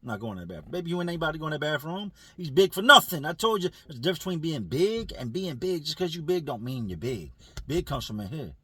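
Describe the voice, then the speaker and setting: A man telling a prison story in casual street slang, lively and full of acted quotes. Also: fairly high pitch, fast talker, breathy edge, dry recording. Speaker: storyteller recounting prison life.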